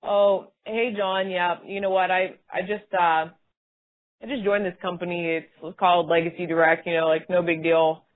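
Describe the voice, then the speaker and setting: A woman voicing a bored, flat-sounding new salesperson making a lazy sales call over a phone line. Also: on the low side, moderate pace, natural voice.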